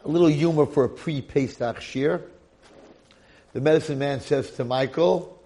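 A man giving a Torah lecture who tells a story in an animated, colloquial way. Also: a little high, normal speed.

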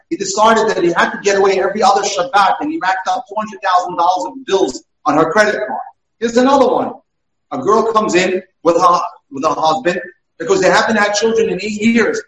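A man recounting his cases as a dating mentor in an earnest, storytelling way. His voice is high for a man and sounds roomy and far from the microphone. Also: slight background noise. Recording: echoey, distant mic.

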